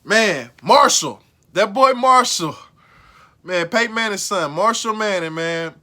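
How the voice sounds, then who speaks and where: A man with a high, bright voice runs a casual recap vlog. He talks in slang and repeats himself for emphasis. He drops to low mutters, then bursts out loud. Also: measured pace. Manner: excitable, swings from mumbling to loud outbursts. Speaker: show recap host.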